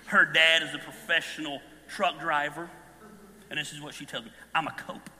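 A fifty-something man preaches with lively, storytelling energy, breaking into shouts as he builds. His voice sits high and very bright. It rings out with a long hall reverb. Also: moderate pace. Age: 50s. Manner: animated storytelling, bursts into shouts. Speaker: pastor. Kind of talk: sermon.

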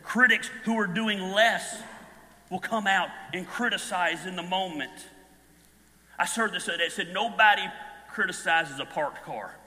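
A fifty-something man preaches with lively, storytelling energy, breaking into shouts as he builds. His voice sits high and very bright. It rings out with a long hall reverb. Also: unhurried. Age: 50s. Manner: animated storytelling, bursts into shouts. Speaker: pastor. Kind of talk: sermon.

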